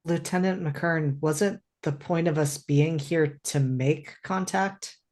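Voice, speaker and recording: Soldier, voiced by a man, higher than his own voice, slow, slightly distant from the mic. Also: darkish tone. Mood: questioning.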